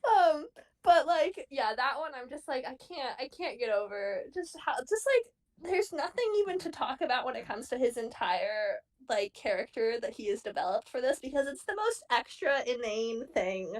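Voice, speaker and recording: Woman co-host, somewhat high voice, spills her fan theories in eager rambling bursts. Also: lively intonation, moderate pace. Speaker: podcast co-host. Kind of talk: casual fan podcast chat.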